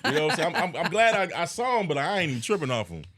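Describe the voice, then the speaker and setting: A man chatting as a guest on a podcast. He is an animated storyteller who laughs often and keeps saying "you know what I'm saying.". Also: fairly high pitch, very fast. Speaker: podcast guest, actor and content creator. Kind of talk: casual podcast chat.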